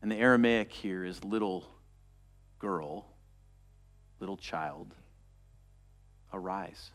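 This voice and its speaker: A man preaching a sermon, retelling a story and dropping to a soft, quiet voice for quoted words. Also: sits low, slow pace. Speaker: pastor.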